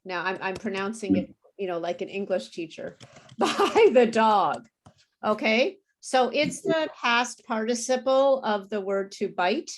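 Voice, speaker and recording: A woman teaching English pronunciation in an online class, saying words clearly and patiently for students to repeat. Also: mid-range voice, a little slow.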